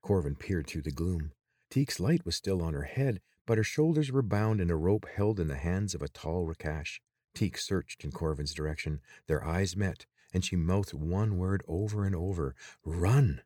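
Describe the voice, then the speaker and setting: A man reading an adventure story aloud in a steady, measured narration. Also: sits low, no echo, clean studio sound. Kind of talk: scripted audiobook narration.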